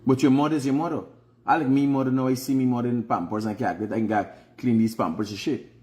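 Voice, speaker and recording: On his vlog, a Guyanese host gives casual, frank, and preachy life advice, repeating phrases for emphasis. His medium-pitched voice is a little mellow and steady in tone, and he talks fast.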